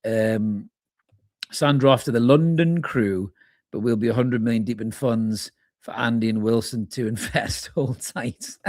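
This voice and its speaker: A man's voice: mid-range voice, a little slow, a little mellow, no room sound, clean studio sound. A man hosting a live fan reaction stream, chatting informally as he reads out viewers' comments and calls them mate. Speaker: fan channel host. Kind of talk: live match reaction, reading chat comments.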